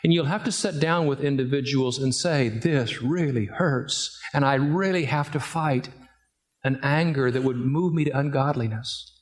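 A middle-aged pastor preaches a sermon in an ordinary mid-range voice at a moderate pace, moving from gentle storytelling to emphatic, rising points.

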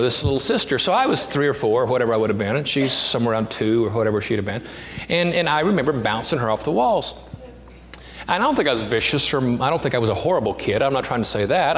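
Preaching with a medium-pitched voice, a male pastor recounts a story from his childhood. He climbs to lively, self-mocking peaks and drops almost to a whisper for tender moments, amid long hall reverb and slight background noise.

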